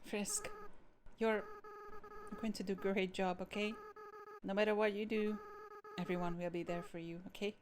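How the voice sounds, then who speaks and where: A woman's voice: mid-range voice, lively intonation, natural voice. A woman reading as a tearful goat-boy monster. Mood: tender farewell. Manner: soft, earnest, halting reading. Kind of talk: game dialogue read aloud. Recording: game music underneath. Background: game music.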